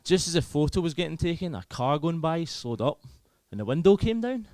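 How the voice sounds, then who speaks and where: A man's voice: a little high, very animated, a little fast, darkish tone. Scottish young man doing stand-up. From Scotland. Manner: self-deprecating, conversational. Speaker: stand-up comedian. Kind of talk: stand-up comedy set.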